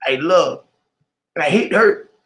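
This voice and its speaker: High-voiced man ranting emotionally. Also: animated, slow, gravelly. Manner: swings between loud outbursts and low mutters, swears a lot. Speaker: vlogger. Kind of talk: rambling emotional monologue.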